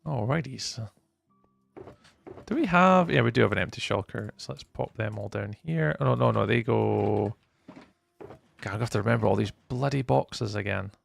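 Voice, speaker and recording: A man's voice: medium pitch, moderate pace, gravelly, soft background music. A man streaming a game, chatting casually with his viewers while he plays. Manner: chatty, talks to chat while playing. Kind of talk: casual live-stream chat.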